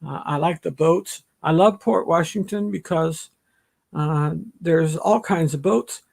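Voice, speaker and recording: A man with a gravelly voice hosts a casual livestream, greeting viewers one by one. He speaks slowly and rambles in a friendly way, and his voice sits a little high for a man. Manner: slow, rambling, friendly shout-outs to chat. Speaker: livestream host.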